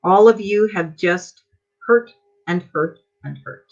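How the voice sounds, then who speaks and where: In a lowish voice and at a slow pace, a woman from Canada lashes out at a group meeting she's part of, accusing and angry, with one rhetorical question after another. The dull, lo-fi recording carries her heated speech.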